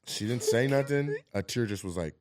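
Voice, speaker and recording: A man in casual chat, speaking reflectively and pausing to search for his words as he asks his guest questions. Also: mid-range voice, animated, darkish tone.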